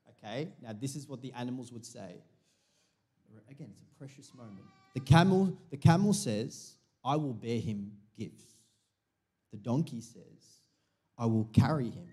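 A man's voice: medium pitch, animated, fairly quick, warm tone, breathy edge. A man preaching a sermon to a church congregation, in a chatty, joking manner with frequent restarts. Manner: chatty, jokey, self-interrupting preaching. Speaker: pastor.

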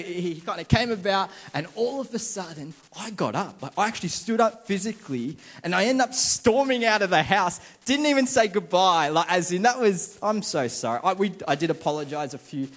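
A young man, preaching a casual, chatty, self-deprecating sermon and acting out inner voices. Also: high voice.

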